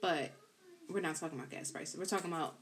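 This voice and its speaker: A woman hosting a live stream, telling a rambling, animated story to her viewers and peppering it with "like" and "or whatever.". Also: low-pitched, fast.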